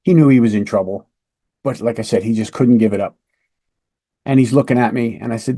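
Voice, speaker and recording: Fairly quick yet marked by long pauses, this medium-pitched male voice has a dark tone. He's a police lieutenant and podcast host who uses a case story to teach interview technique, staying conversational and emphatic and often asking "right?"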